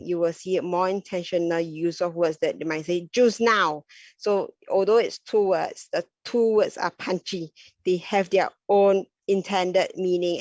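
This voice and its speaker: A woman's voice: fairly low pitch, darkish tone, dry recording. A woman speech therapist giving an educational talk. She explains step by step and often checks in with "okay?" or "all right?". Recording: dull lo-fi dry recording.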